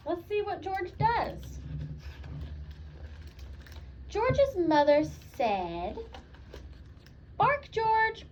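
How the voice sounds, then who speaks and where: A woman teacher reading picture books aloud to a child in an animated, encouraging way, asking questions as she goes. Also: very high-pitched, takes it slowly. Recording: slightly dull, faintly noisy recording.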